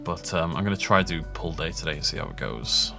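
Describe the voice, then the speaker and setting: A man's voice: sits low, animated, quick pace, gravelly, music in the background. A young man rambling and joking as he plays, self-mocking and chatty. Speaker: gaming YouTuber. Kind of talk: rambling gameplay commentary.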